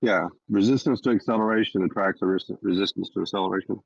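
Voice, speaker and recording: A man's voice: lowish voice, fast, creaky, husky, dry recording. A man calling in to a live stream, asking challenging questions. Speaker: caller. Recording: dull lo-fi call line.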